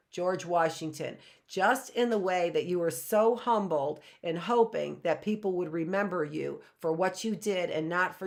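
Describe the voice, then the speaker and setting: A woman teacher giving a live online lesson for all ages. She reads excerpts aloud, explains them, and adds emphatic, playful, enthusiastic asides. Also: lowish voice.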